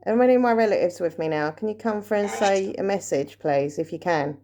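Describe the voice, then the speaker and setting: A woman vlogging a paranormal session at home, talking quietly and nervously as she calls out questions to spirits. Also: medium pitch, a little fast, a little hiss or hum. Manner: hushed, nervous, asking questions into the dark. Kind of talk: ghost-hunting session vlog.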